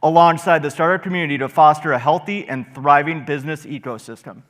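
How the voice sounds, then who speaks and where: A man's voice: fairly high pitch, quick pace, a bit bright. A man serving as emcee, formally introducing a speaker to the stage in a projecting announcing voice. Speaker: event emcee. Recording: long hall reverb from off-mic.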